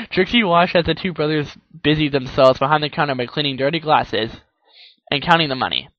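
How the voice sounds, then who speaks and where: Casual male reader, stumbles and self-corrects, fairly high voice, dull dry home recording. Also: expressive, moderate pace, no room sound. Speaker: narrator. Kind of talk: casual fan-fiction reading.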